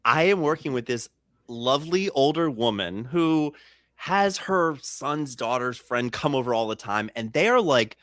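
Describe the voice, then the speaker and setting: Animated, laughing male podcast host. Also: medium pitch, a little slow, no room sound, studio quality. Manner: animated storyteller who acts out quotes and laughs often. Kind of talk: casual comedy podcast chat.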